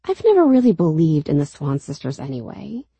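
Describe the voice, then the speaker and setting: A woman's voice: deep voice, huge pitch swings, a little fast, creaky, dark tone, slightly rough, dry recording, full character voice. A woman narrator voicing a reckless teenage girl at a beach party, with a bold, teasing manner. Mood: daring.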